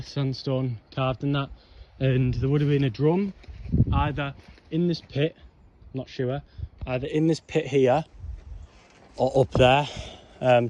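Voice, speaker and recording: Young man, casual explorer vlog commentary, rambling and slightly out of breath, noisy outdoor mic. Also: medium pitch. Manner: rambling, chatty, frequent ums and whatnots. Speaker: vlogger exploring old mine ruins. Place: outdoors on a windy hillside. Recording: noisy outdoor camera audio.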